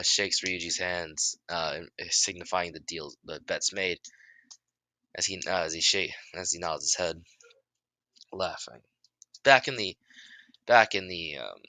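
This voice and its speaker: A man improvising a story as narrator, halting with many restarts and fillers. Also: deep voice, bright, forceful tone, no room sound.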